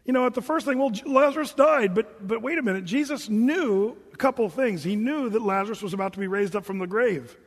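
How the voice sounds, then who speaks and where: A man preaching a sermon in a relaxed, conversational way, reading scripture and adding joking asides. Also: sits high, fairly quick, hardly any pauses, in a large hall.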